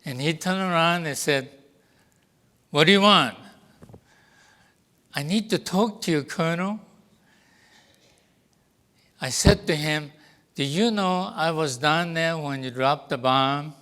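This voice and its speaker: Slow, clear older man. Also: a little high, a bit bright. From Japan. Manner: deliberate, acts out quoted dialogue. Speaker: guest speaker. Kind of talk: personal storytelling to an audience.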